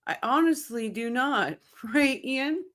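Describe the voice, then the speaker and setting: An animated, slightly bright woman's voice that sits high but moves slowly: she's a livestream host from Ontario, Canada. Casually reading chat, she names her viewers as she talks to them and laughs often.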